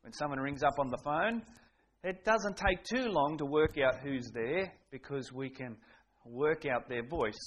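A man's voice: medium pitch, a bit bright, a little hiss or hum, rough recording. A man preaching a sermon in a conversational, folksy way, often restarting his sentences.

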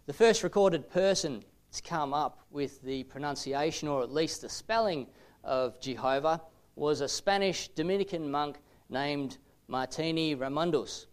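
A man with a slightly raised voice giving a lecture-style teaching talk. He explains things step by step at a measured pace, often filling pauses with "uh". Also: a little high, clear, resonant tone. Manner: measured explanatory delivery with frequent "uh" fillers.

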